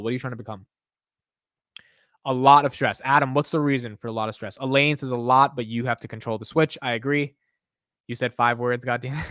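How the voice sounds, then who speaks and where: A man's voice: mid-range voice, no room sound, studio quality. A young man hosting a late-night livestream, rambling loosely and reading viewer comments aloud, with "yo" and "bro" thrown in often. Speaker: livestream host.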